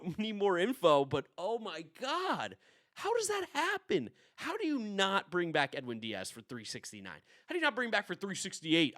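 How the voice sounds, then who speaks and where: A man giving an exasperated ranting reaction about a sports signing, swinging between shouting and low muttering. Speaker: sports vlogger.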